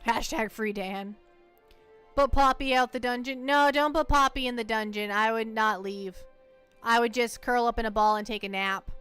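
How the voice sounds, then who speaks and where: A woman's voice: on the high side, fairly even intonation, normal speed, fairly bright tone, clean tone, soft background music. A woman from the United States chatting playfully and teasingly while livestreaming a game, often repeating words as she goes. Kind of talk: casual gameplay livestream chat.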